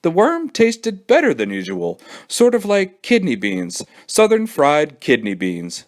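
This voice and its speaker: A man who is a children's librarian, reading a storybook aloud with an expressive storytelling manner. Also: on the high side, unhurried.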